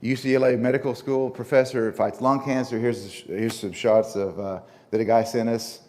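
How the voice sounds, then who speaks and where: A man's voice: mid-range voice, steady tone, moderate pace, warm tone. A man with a northern Louisiana accent giving a conversational lecture presentation with slides, often restarting words and asking the audience questions. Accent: Northern Louisiana (Shreveport). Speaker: conference presenter.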